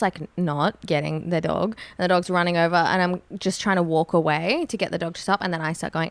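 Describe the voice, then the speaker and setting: A woman's voice: lowish voice, quick pace, gravelly, hardly any pauses, no room sound. A young woman hosting a podcast, telling a story with lots of laughs and some swearing. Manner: animated storyteller who laughs a lot and swears. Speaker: podcast host. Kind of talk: casual chat, telling a story.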